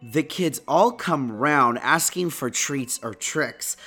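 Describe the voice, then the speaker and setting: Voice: medium pitch, slow, faint music behind. A performer as bored, sarcastic Buddy. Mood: eager. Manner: dry, sarcastic and deadpan. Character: unimpressed, bored human named Buddy. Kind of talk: audio drama acting.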